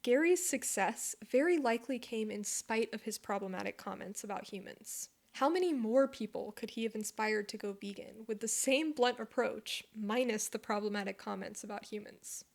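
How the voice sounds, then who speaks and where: A woman's voice: on the high side, normal speed, creaky, few pauses. A woman vlogger delivering scripted commentary, blunt and argumentative, swearing for emphasis.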